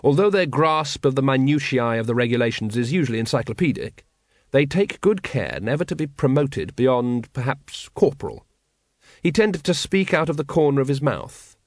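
A man narrating an audiobook in a wry, measured way. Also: medium pitch, expressive, dry recording. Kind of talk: scripted narration.

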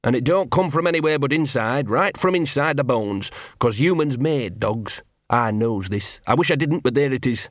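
Scruffy talking dog played by a male narrator, nervous and wordy, bit higher than plain speech, dry booth. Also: lively intonation, moderate pace, hardly any pauses, dry recording, lightly acted. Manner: rambling, ungrammatical street talk, repeats himself.

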